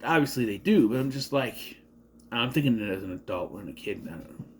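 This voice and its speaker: A man's voice: mid-range voice, expressive, fairly quick, a little hiss or hum. A man giving a casual, rambling movie commentary, sarcastic and often cutting himself off. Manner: rambling, sarcastic, self-interrupting. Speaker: movie reviewer.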